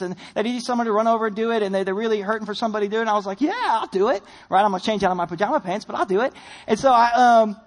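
A young man preaching a sermon, telling a personal story in an animated, self-deprecating way. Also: high voice. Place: church sanctuary.

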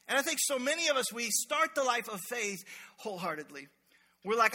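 A man preaching a lively, humorous sermon as pastor, calling out to the congregation in a church sanctuary. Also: very high-pitched, fairly quick. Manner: energetic, humorous preaching with crowd call-outs. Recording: long hall reverb.

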